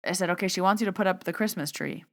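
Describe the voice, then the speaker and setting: A woman's voice: lowish voice, very fast. A woman podcast host casually recounting a conversation, acting out both sides of the dialogue in a chatty way. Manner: chatty, retells dialogue with "I was like". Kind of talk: casual storytelling monologue.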